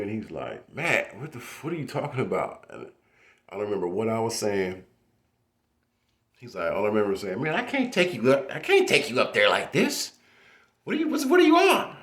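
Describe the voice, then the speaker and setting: A man casually telling a personal story with heavy profanity and street slang, acting out the voices of others. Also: deep voice. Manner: acts out quoted voices.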